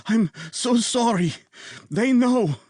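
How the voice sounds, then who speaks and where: A man's voice: sits high, animated, takes it slowly, slightly rough, dry recording, clean studio sound, pitched above the performer's own voice, full character voice. A male narrator voicing a dying man with an Eastern European accent who gasps out apologies. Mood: desperate. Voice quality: breathless, urgent. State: gasping, bleeding.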